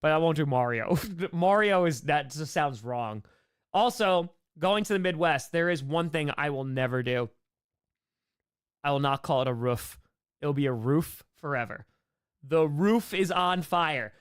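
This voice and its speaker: A young man with a New York accent chatting casually and quickly while answering viewer questions on a live stream, playful and animated. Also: fairly high pitch, smooth. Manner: fast, animated, playful, reads chat aloud.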